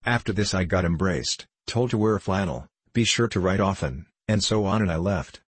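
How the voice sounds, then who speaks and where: A man reading a novel aloud as an audiobook narrator, in a measured and steady way. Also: deep voice, husky, dry recording. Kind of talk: scripted storybook narration.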